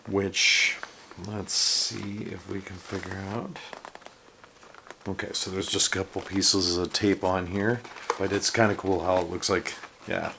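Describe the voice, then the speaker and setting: A man's voice: deep voice, creaky. A man hosting a casual unboxing video, talking enthusiastically and rambling with lots of fillers. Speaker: toy unboxing vlogger. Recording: background noise from handling packaging.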